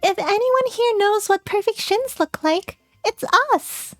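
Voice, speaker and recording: A woman's voice: very high voice, expressive, unhurried, no room sound, soft background music, pitched above the performer's own voice. A woman voicing a sweet, bubbly schoolgirl best friend in a cutesy uwu voice for a dating game. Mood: indignant.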